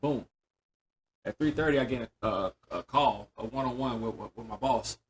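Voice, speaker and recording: A man's voice: mid-range voice, moderate pace, slight background noise. A man co-hosting a casual podcast chat, telling stories and acting out the dialogue of other people. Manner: animated storyteller who acts out quoted dialogue. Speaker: podcast co-host.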